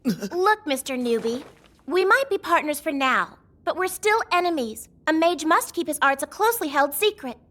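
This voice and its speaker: A proud, sharp-tongued girl mage. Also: high voice, animated. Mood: exasperated. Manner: lecturing, quick to flare up. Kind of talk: anime English dub. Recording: studio dub with music behind.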